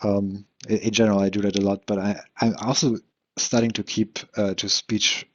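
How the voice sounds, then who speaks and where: A man's voice: lowish voice, level tone, normal speed, dry recording. A young man with a slight lisp hosting a solo podcast, rambling and swearing, restarting sentences and slurring his words. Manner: rambling, profane, self-deprecating, lots of fillers and restarts. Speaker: podcast host. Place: room at home. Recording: dull lo-fi home recording.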